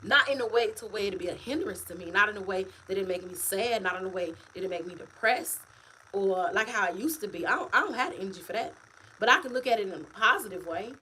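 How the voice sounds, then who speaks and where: A woman author talking casually to her livestream viewers, animated and repetitive, calling them y'all. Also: medium pitch, fast, slight background noise, poor audio. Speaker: author and vlogger. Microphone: phone or webcam, livestream.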